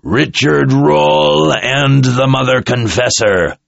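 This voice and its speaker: A man voicing a threatening male emperor who speaks through a possessed young soldier, in a deep, gravelly voice. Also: no room sound, exaggerated voice. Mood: raging. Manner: slow, threatening, enraged at times. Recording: dull lo-fi recording.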